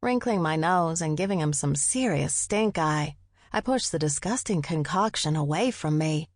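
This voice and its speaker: Low-voiced woman narrating wryly. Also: animated, normal speed, no room sound, clean studio sound. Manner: wry, conversational storytelling. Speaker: audiobook narrator. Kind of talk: scripted first-person narration.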